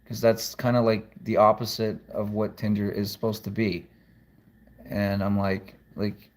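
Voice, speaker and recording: A man's voice: fairly low pitch, level tone, unhurried, slight background noise. Man vlogging from home; loose, profane, rambling delivery. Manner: rambling, profane, frequent restarts. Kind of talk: casual rambling monologue.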